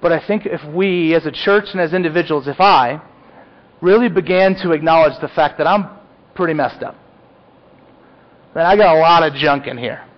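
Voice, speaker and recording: A man with a fairly high voice preaches a sermon, earnest and confessional, swelling into emphatic peaks. The recording sounds dull and lo-fi. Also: moderate pace, long pauses. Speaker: pastor.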